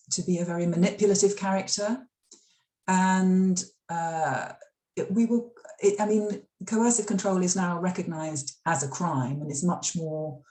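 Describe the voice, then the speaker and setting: The echoey library event room holds a middle-aged British author, once a radio drama scriptwriter, recounting stories in an interview. Her voice is fairly low-pitched and dark. She speaks chattily, repeatedly restarting and filling gaps with fillers.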